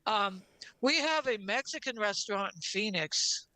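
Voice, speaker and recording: A woman's voice: medium pitch, lively intonation, unhurried, sharp tone, dry recording. A woman co-hosting a casual talk show, speaking in an easygoing, hesitant way. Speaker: podcast co-host. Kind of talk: casual chat.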